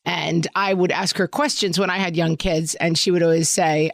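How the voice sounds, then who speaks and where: A woman's voice: lowish voice, steady tone, moderate pace, few pauses, no echo. A woman in her fifties co-hosting a podcast, telling wry stories in casual chat. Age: 50s. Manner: chatty, wry storytelling. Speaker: podcast co-host.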